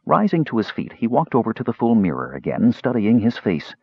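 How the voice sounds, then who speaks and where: A man narrating a fantasy audiobook in an expressive storytelling manner, in a dull, dry recording. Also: fairly low pitch, a little fast, husky, no room sound.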